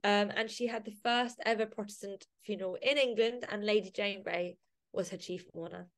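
A woman's voice: mid-range voice, fairly even intonation, moderate pace. A woman guest on a casual podcast interview, talking emotionally with many fillers and restarts. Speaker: podcast guest, society member.

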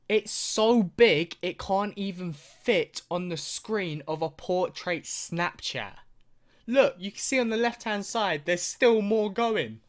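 A man's voice: high voice, animated, unhurried. A young man ranting through a reaction video, swearing constantly and mocking what he sees.

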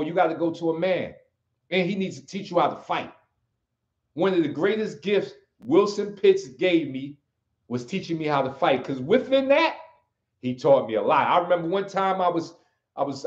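An American man hosting a livestream, giving an emphatic, preachy motivational talk and hammering on key phrases over and over. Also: sits high. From United States. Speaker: livestream host and martial arts teacher. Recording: roomy, slightly dull audio.

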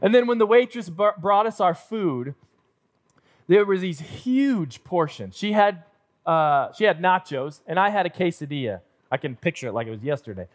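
High-voiced pastor telling a story. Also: male voice, brisk. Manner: self-deprecating, animated storyteller acting out scenes. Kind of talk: sermon storytelling. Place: church auditorium.

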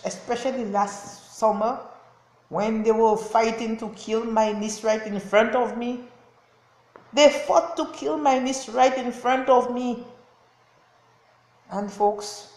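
A woman's voice: on the high side, darkish tone, reverberant. A woman speaking as a self-styled prophetess in an impassioned, repetitive rant to camera, laughing in anger. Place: indoors, lying on a floor.

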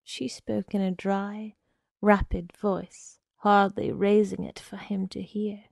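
A woman reading a short story aloud in a measured, unhurried way. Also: mid-range voice, level tone, creaky, a little mellow, no room sound. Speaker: reader.

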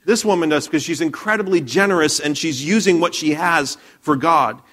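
A male pastor preaches in church with a somewhat high voice. He retells the story in a chatty way, stumbling and restarting mid-sentence. He often turns to the congregation with questions. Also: brisk, fairly bright tone. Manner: conversational storytelling, frequent restarts. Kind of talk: sermon.

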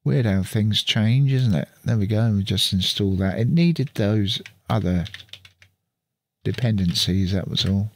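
Recorded on a studio mic through an audio interface with a little hiss or hum, this channel host speaks in a voice on the low side, a little slow. He casually talks through a computer setup shown on screen, reasoning aloud as he goes.

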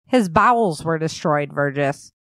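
A woman's voice: low voice, animated, unhurried, fairly bright tone, no echo, clean studio sound, voice pushed down, full character voice. A woman voicing a weary woman medic who speaks in a subdued, regretful way. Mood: somber. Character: weary woman medic delivering bad news.

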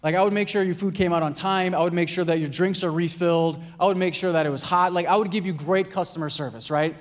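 A pastor preaching a sermon in a conversational way, acting out little scenes and asking "right?" and "Amen?". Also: male voice, high voice, steady tone, quick pace. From United States. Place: church hall.

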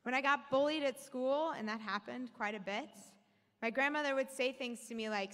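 A woman's voice: high voice, normal speed, fairly bright tone. A young adult woman from Alabama, a policy analyst giving a candid, earnest talk on stage. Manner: candid, joking then earnest. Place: large hall with audience. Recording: echoey hall.

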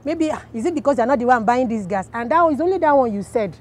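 A woman with a Nigerian accent giving a casual testimony, telling her story in a lively way and acting out the voices of the people in it. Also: fairly high pitch, quick pace, slight background noise. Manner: animated storyteller, acts out quoted voices.

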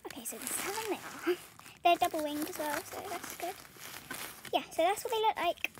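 A soft-spoken teenage girl with a British accent, rambling and giggling through a casual vlog from her bedroom floor. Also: very high-pitched, lively intonation, brisk. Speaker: vlogger. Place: bedroom floor strewn with stationery. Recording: clear crinkling and rustling noise.

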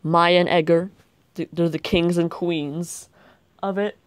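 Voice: medium pitch, steady tone, takes it slowly, smooth, dry recording. A young gaming video creator giving rambling, jokey gameplay commentary.

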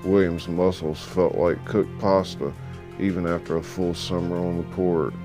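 A man's voice: sits low, measured pace, a little mellow. A man narrating a story in a dramatic, emphatic audiobook style. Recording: faint background music.

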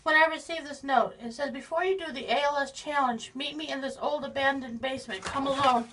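A woman acting frightened in a spoof horror home video, gasping, whispering and shouting in the dark. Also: sits high, brisk, noisy background. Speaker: vlogger.

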